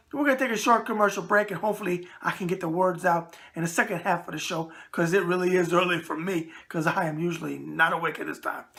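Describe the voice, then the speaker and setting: A middle-aged man with a New York accent hosts a casual boxing mailbag show. His voice is bright and forward, and he talks bluntly and animatedly. He often stumbles over words and laughs at himself. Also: high voice, creaky. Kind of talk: casual video mailbag chat.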